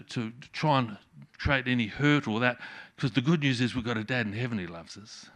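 A middle-aged man preaching a sermon, swinging from loud emphatic peaks to soft hushed endings. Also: medium pitch. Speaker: pastor.

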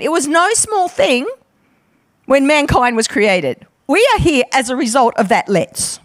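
A woman delivers a sermon as a visiting preacher, her high voice swooping with lively ups and downs. She jokes and chats with the congregation between points. The sound is close and dry, with no room echo. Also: a little slow. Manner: playful, chatty, jokes with the congregation. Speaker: guest preacher.

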